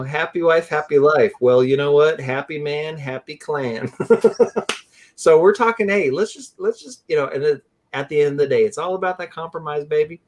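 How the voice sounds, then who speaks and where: A man hosting a live barbecue stream, chatting in an excitable, rambling way and saying "dude" a lot. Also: fairly high pitch. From California. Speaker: host of a live barbecue show. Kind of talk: casual live-stream chat.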